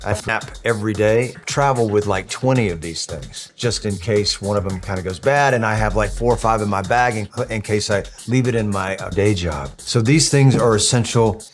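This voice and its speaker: A man playing a brash male gaming streamer who talks in excited, hyped patter. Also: fairly low pitch, moderate pace, hardly any pauses, faint music behind, natural voice.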